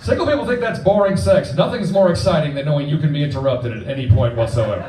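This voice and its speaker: A man's voice: fairly high pitch, warm tone, a little hiss or hum. Brief: male stand-up comic in his forties, crude and punchy, heard from a distance in a roomy club with a laughing crowd. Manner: crude, punchy, acts out quick voices. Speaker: stand-up comedian. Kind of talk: stand-up comedy set. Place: comedy club stage before a live audience.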